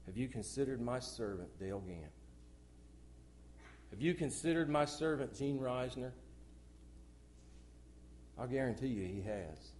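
A middle-aged man preaching a sermon in church, swinging from loud outbursts to hushed, low asides. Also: expressive, measured pace, pauses often, a little hiss or hum.

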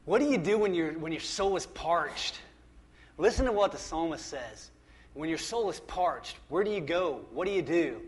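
Man pastor, slightly high voice, conversational emphatic sermon, repeats himself, church setting. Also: expressive, moderate pace. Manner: conversational, emphatic, frequent restarts and repetition.

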